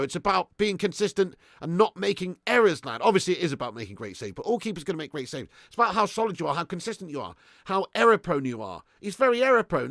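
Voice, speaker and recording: Excitable man, watch-along host. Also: high voice, gravelly, dry recording, clean studio sound. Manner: excitable, swears, reads viewer messages aloud. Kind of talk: live match commentary and chat.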